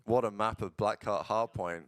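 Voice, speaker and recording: With a lowish voice and a clean tone, a streamer comments casually on esports matches at a normal speed, with no room sound. He swears, speaks bluntly, and launches into excited play-by-play.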